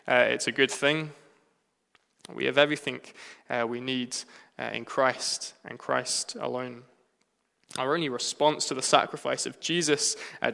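A man with an English accent preaching a sermon, pausing often with "uh" between phrases. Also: medium pitch, creaky, bright, forceful tone. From England. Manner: halting, frequent "uh" fillers. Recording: long hall reverb.

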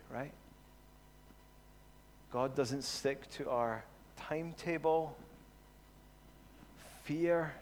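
A man preaching a sermon, earnest, slowing down and growing louder on his key points. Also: mid-range voice, a little hiss or hum. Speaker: pastor. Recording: long hall reverb.

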